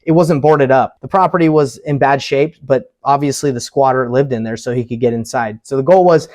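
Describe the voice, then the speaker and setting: A man's voice: mid-range voice, brisk, a little mellow. A man who invests in real estate, casually telling a story to camera and acting out the people in it.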